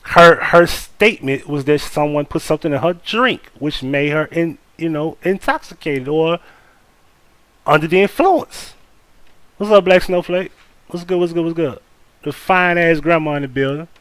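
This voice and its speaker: A man's voice: on the high side, moderate pace, fairly bright tone, dry recording. A man hosting a live stream, giving blunt, profane, casual commentary and talking straight to his chat. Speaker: livestream host.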